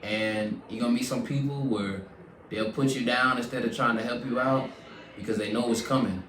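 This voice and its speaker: With a steady, fairly bright mid-range voice at a moderate pace, this podcast host leads a relaxed faith show, sincerely affirming and repeating important words back. The mic sits far off in a roomy space, picking up faint noise.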